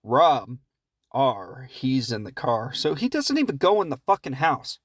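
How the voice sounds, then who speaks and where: A man casually and comically recapping a movie plot, rambling and profane, often slipping into quick quoted voices. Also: mid-range voice, sing-song, husky, no echo, clean studio sound. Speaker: podcast host reviewing films.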